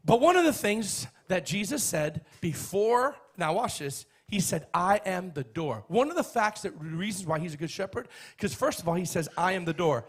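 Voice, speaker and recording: A man preaching a sermon, emphatic and repetitive, building up to shouts. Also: sits high, expressive, moderate pace, husky. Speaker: pastor.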